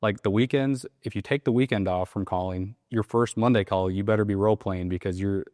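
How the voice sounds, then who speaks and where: Animated, lower-voiced man coaching sales. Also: brisk, no room sound, studio quality. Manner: animated, acts out soft and loud sales calls. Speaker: sales trainer. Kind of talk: conversational coaching interview.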